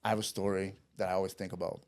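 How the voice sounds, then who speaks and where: A man's voice: low-pitched, flat delivery, very fast, darkish tone, slight background noise. A man telling a story in a casual chat, rambling and profane, with restarts and acted-out dialogue. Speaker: podcast guest.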